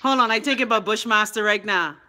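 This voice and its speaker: A woman's voice: mid-range voice, a little fast, sharp tone. A middle-aged Bahamian woman co-hosting a show, chatting casually with a sassy, bossy teasing manner. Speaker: radio co-host. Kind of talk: casual chat.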